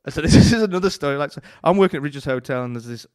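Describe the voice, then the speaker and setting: A man's voice: on the high side, rapid-fire, clear, resonant tone. Man telling salty stories. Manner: animated anecdotes with frequent swearing and restarts. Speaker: chef and author, podcast guest. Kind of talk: casual storytelling chat.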